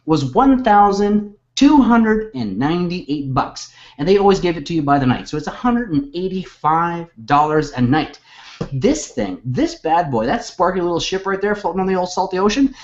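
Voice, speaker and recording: A man presenting a hyped sales webinar in a jokey, excitable way, over dull lo-fi audio. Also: moderate pace. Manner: excitable, jokey, big swings in pitch.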